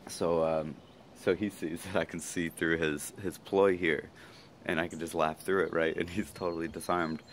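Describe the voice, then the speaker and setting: Low-voiced man musing in a vlog. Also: little pitch movement, a little hiss or hum. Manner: fast, rambling, with frequent fillers and "right?". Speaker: vlogger. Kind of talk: casual reflective monologue.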